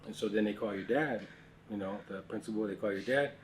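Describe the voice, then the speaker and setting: A man's voice: lowish voice, a little fast, slight background noise. Candid man telling stories, casual. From United States. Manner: candid, frequent fillers and restarts, drops to quiet asides. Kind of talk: casual storytelling conversation.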